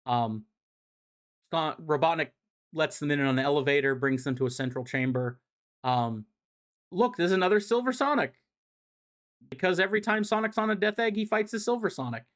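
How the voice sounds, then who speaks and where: A man's voice: fairly high pitch, fairly quick, fairly bright tone. A man on a live stream giving a rambling, profane, casual recap of a comic series. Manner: rambling, profane and chatty, with many fillers. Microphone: streaming mic.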